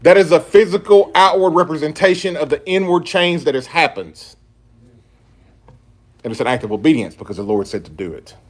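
A man's voice: on the high side, animated, fairly quick. A man preaching a sermon and reading scripture aloud in an emphatic style. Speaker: pastor.

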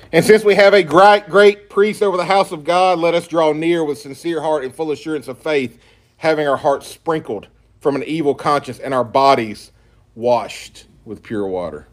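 A man delivers a sermon from the pulpit. His voice sits a little on the high side. He preaches emphatically and reads scripture aloud as he goes. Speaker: pastor.

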